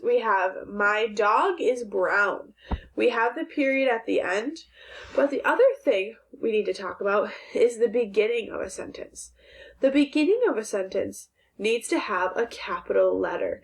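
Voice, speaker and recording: In a phonics and punctuation lesson for young children, a woman with a slightly high voice speaks slowly and clearly. She keeps asking questions and praises the kids' responses.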